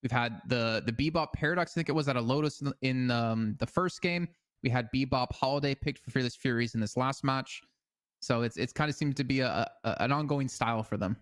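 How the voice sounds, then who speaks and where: A man co-casts an esports match in a loose, chatty way, hedging often as he weighs each pick. His voice sits in an ordinary middle pitch. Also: fairly quick. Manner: casual, hedging with fillers like "I mean". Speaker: esports co-caster. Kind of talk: esports analysis commentary.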